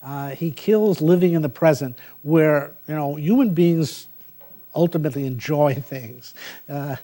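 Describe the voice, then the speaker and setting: A man giving a university lecture as a professor, speaking thoughtfully with frequent "uh" pauses. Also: on the high side, mellow. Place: lecture hall.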